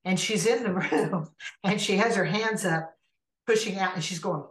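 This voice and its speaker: Lively storytelling woman, roomy echo. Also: mid-range voice, moderate pace. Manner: animated storyteller who acts out the people in her stories. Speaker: inner healing minister, podcast guest. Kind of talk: storytelling in a conversational interview.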